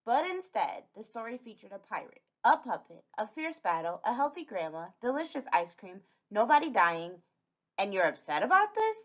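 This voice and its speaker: Earnest rule-following storybook girl, bright and high, put on by a woman reader, lo-fi. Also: big pitch swings, moderate pace. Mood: incredulous.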